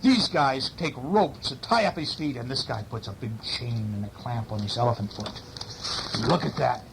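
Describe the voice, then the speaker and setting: A man's voice: mid-range voice, normal speed, vocal fry, background noise. Man reading a bedtime story aloud. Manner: casual, chatty asides to the listener. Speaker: parent reading to a child.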